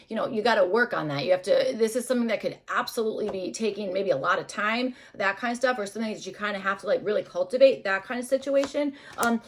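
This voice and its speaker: A young adult woman doing a casual tarot reading, rambling and hesitant with many fillers. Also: a little high. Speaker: tarot reader.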